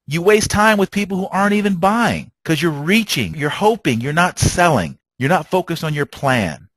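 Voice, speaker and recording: A man's voice: on the high side, a bit bright, dry recording. A man training travel agents in a motivational sales talk, telling stories and asking rhetorical questions. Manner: preachy, storytelling with rhetorical questions.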